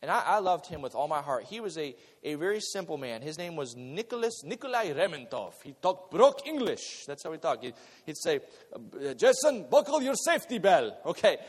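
A man preaches from the pulpit in a fairly high voice that swings widely in pitch. He stumbles over repeated words and mixes jokes into the message. The sound carries a long reverb, as in a large hall. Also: a little fast. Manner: animated preaching with repeated words and joking asides. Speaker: pastor. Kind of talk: sermon.

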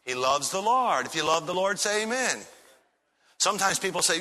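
Fervent high-voiced preacher in a reverberant hall. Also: male voice, a little fast. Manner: animated, enthusiastic preaching with repeated rhetorical questions. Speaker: pastor. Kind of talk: sermon. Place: church sanctuary.

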